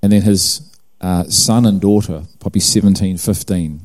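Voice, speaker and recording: A middle-aged man with a New Zealand accent preaches through a personal testimony. His voice sits low and sounds warm and mellow. He tells the story with humor at his own expense and acts out each exchange of dialogue. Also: normal speed.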